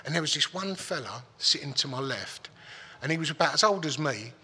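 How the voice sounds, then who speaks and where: A man's voice: a little high, lively intonation, fairly quick, pushed and bright, breathy edge, in a large hall. Sweary man telling a rambling story. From England. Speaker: guest. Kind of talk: casual storytelling.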